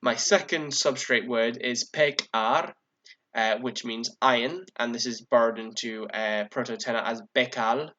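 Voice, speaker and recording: A man talks through a topic in a relaxed podcast chat, pausing often with ums and false starts. His voice sits mid-range. The sound is dull and lo-fi. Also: mid-range voice. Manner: hesitant, many ums and restarts. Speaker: podcast co-host. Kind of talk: casual explanatory chat.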